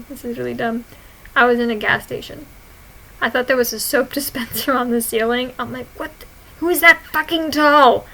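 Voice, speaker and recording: A young woman reads her own old posts aloud in a loose, casual vlog. She giggles often, swears freely and retells her stories with plenty of animation. Her voice is fairly high and very bright. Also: creaky, rough recording. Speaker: vlogger.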